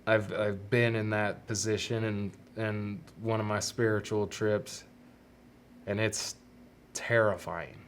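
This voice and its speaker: A man hosting a solo podcast, talking earnestly and haltingly about fatherhood and fear of death, often restarting his sentences. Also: lowish voice, fairly even intonation, slight background noise. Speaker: podcast host. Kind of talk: reflective solo podcast monologue.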